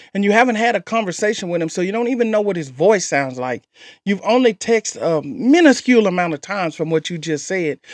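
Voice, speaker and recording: A man's voice: sits high, dry recording, clean studio sound. A man hosting a reaction show, giving casual, skeptical commentary and repeating his points for emphasis. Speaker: host reacting to a clip.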